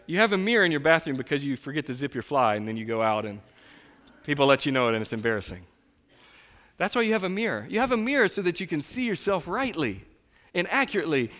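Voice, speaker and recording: A man in his thirties preaching a sermon in a conversational, animated way, acting out the voices of the people he quotes. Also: on the high side. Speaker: pastor. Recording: long reverb of a large hall.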